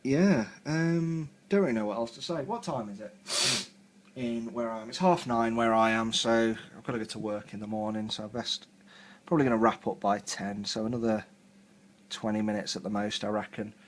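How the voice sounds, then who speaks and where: A man from England with a southern English accent paints miniatures at home while chatting casually on a hobby live stream. His voice is on the low side at a normal speed, and he rambles with plenty of fillers.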